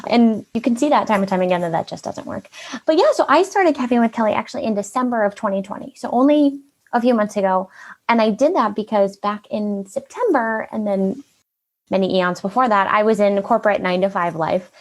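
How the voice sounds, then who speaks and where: A woman in her thirties, a marketing consultant guest, chatting casually in a bubbly, upbeat way with a naturally high-pitched voice. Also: expressive, brisk. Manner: bubbly and upbeat, often laughs. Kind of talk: casual interview chat.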